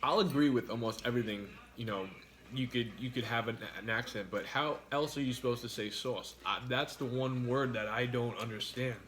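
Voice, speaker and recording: A man's voice: mid-range voice, brisk, a bit bright. Blunt, swearing man in a casual meal chat. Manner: blunt, swears often, argumentative. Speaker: mukbang streamer. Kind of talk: casual chat while eating.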